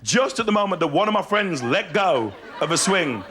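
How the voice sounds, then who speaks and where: A man's voice: high voice, very animated, moderate pace. A man in his thirties with a Birmingham accent, telling stories on stage in a live stand-up show, switching into character voices. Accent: Birmingham English. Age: 30s. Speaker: stand-up comedian. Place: large theatre stage. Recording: loud audience laughter over live stage mic.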